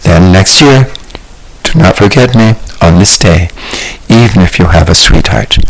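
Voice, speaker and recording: A man reading an audiobook, voicing a warm, dramatic adult man friend, earnest and theatrical. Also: deep voice, animated, unhurried, full character voice, low-quality recording. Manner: earnest, theatrical, sprinkles Spanish phrases. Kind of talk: audiobook character voice.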